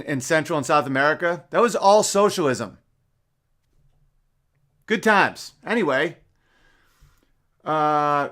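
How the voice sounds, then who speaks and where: Casual male livestream host, a bit high-pitched, rambling and profane, with mumbled asides and sudden loud bursts. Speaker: podcast host reading listener messages.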